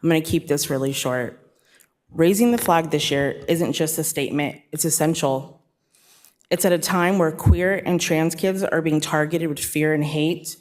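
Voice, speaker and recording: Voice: medium pitch, moderate pace. An organization director giving a short, earnest prepared comment at a council meeting. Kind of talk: brief prepared public comment.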